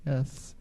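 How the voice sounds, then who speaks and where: A man hosting a casual call-in show, rambling and joking with frequent halting restarts. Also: no echo, phone-quality sound. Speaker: podcast host.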